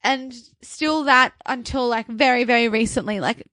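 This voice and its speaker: Woman podcast co-host; earnest, reflective, filler-heavy; higher pitch, dry close recording. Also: normal speed, sharp tone, no room sound. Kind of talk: casual chat.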